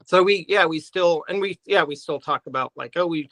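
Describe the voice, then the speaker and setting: A man, a guest musician, answering in a halting way full of pauses and restarts. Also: a little high, bright, forceful tone, no echo, low-quality recording. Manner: halting, many fillers and restarts. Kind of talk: casual interview chat.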